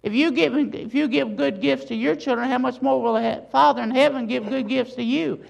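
A woman's voice: sits high, fairly quick, vocal fry, highs cut off. A woman preacher delivering a sermon, emphatic and full of rhetorical questions.

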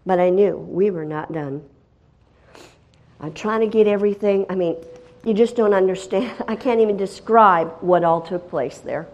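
A woman's voice: mid-range voice, normal speed, lo-fi sound. Middle-aged woman telling a dramatic testimony. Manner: dramatic storytelling, swinging from hushed to loud and excited. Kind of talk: spoken testimony.

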